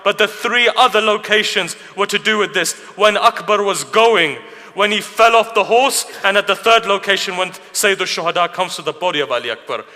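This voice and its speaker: A man tells a sacred story as a sermon, full of feeling and rhetorical questions. His voice sits a little high and rings bright and forceful. The sound carries a long hall echo. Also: moderate pace. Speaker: speaker at a mourning gathering. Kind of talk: narrative sermon. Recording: reverberant hall.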